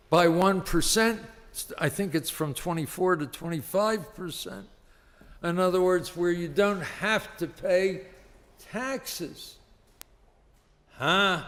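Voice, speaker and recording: A man's voice: high voice, a bit bright. A man giving a rambling public comment to city council, full of rhetorical questions, at a podium microphone. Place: large council chamber. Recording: echoey hall with long reverb.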